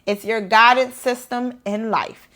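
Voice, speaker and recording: A woman meditation teacher talking casually to camera in a vlog, energetic and fired up about life. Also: fairly high pitch, measured pace. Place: indoors after the gym.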